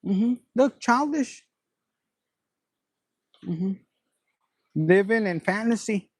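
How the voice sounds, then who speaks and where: A man's voice: high-pitched, animated, extremely slow, no room sound. A man giving a casual tarot reading, playful and profane, dropping Spanish phrases. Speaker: tarot reader.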